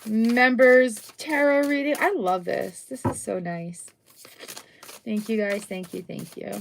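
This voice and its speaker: A woman's voice: mid-range voice, measured pace, creaky, slight background noise. A middle-aged woman doing a casual, chatty tarot reading on a live stream, full of upbeat exclamations. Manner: chatty, upbeat, exclamations and little sung bits.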